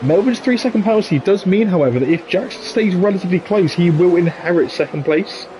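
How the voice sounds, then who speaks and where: Male lead commentator, slightly higher voice, chatty and joking, live race calls. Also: lively intonation, warm tone, a little hiss or hum. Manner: chatty, jokey, quick asides. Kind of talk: live sim racing commentary.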